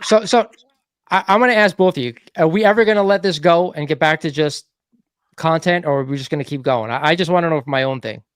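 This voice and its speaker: A man hosting a live online call-in show, mediating calmly between guests with frequent restarts. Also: fairly high pitch, clear, resonant tone, dry recording, studio quality. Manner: mediating, calm, halting restarts. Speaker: host.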